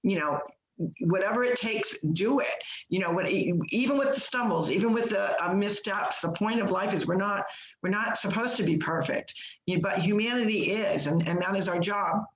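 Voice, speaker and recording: A woman's voice: medium pitch, normal speed, echoey room, lo-fi sound. A woman co-host of a podcast speaking earnestly and at length, with many fillers and restarts. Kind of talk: reflective monologue.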